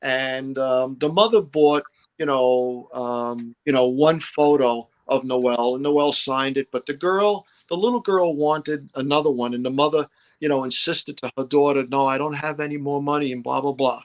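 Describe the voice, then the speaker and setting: A man's voice: medium pitch, normal speed. A middle-aged man, a guest historian, telling stories in a rambling way with constant "you know" fillers. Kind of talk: casual podcast storytelling.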